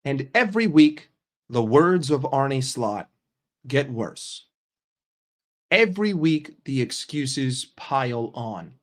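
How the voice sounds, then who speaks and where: A man's voice: mid-range voice, big pitch swings, takes it slowly. A young man ranting in a football vlog, swearing and mocking in an exasperated way. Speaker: football vlogger.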